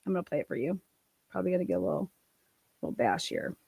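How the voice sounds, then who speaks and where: A woman's voice: fairly low pitch, big pitch swings, very fast, gravelly, mellow, slightly rough, dry recording. A young woman telling a heated, profane storytime rant, full of swearing and laughs. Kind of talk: ranting storytime.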